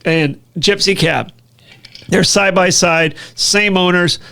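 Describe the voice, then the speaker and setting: An American man co-hosting a casual talk show, chatty and quick to joke. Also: high-pitched, gravelly, bright, forceful tone, clean tone. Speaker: co-host. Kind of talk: casual chat.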